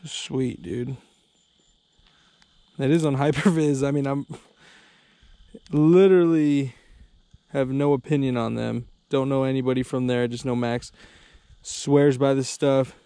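A man in his twenties filming himself ice fishing outdoors, talking excitedly and saying "dude" all the time. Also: mid-range voice, unhurried, pauses often, smooth, dry recording. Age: 20s. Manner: excitable, says "dude" constantly. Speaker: fishing vlogger. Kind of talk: excited outdoor vlog commentary. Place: outdoors on a frozen lake.

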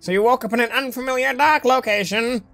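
A woman voicing a formal robot who speaks grandly and solemnly while explaining a dark world. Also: on the high side, a little fast, faint music behind, pitched above the performer's own voice. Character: eager, formal robot who greets a savior.

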